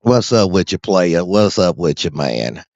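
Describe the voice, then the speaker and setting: A man's voice: sits low, big pitch swings, measured pace, vocal fry, a little mellow, no room sound, muffled recording. A man hosting a podcast in a loose, profane monologue, laughing often and calling out to his listeners. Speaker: podcast host.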